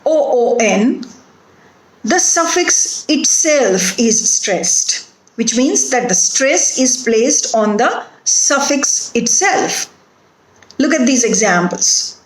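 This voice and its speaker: This recorded phonetics lecture comes from a woman with an Indian English accent whose voice is on the high side with lively intonation. She talks deliberately and spells letters out individually, and the room is echoey.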